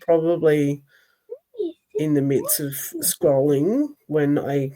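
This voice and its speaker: A woman co-hosting a casual podcast, reflective and quick to laugh. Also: sits low, expressive, a little mellow. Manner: slow, reflective, laughs often. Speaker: podcast co-host. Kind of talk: casual chat.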